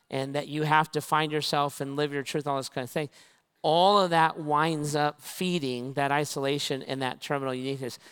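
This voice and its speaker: A man preaching a sermon in a big, echoing hall, his voice smooth and a touch high. He acts out little conversations, switching between the voices in a story. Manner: animated storytelling, acting out both sides of conversations. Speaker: pastor. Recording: long reverb of a large hall.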